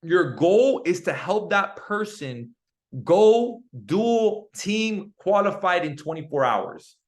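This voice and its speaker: A man's voice: high voice, slow. Hyped young man coaching his team. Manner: energetic, repetitive, hyped, says "right?" often. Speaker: team leader on a sales call. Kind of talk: motivational coaching talk.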